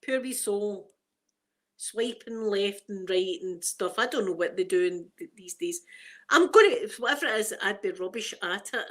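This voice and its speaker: An animated, fairly bright medium-pitched voice belongs to a middle-aged ASMR livestream host from Scotland, talking at normal speed in a casual live chat. She laughs frequently and greets her viewers by name.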